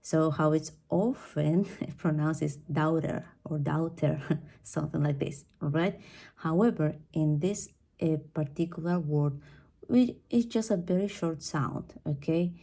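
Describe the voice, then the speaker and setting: Low, mellow-voiced Spanish-accented woman teacher. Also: unhurried. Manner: chatty, frequent fillers and tag questions like "right?" and "okay?". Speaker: English teacher. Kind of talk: podcast pronunciation lesson.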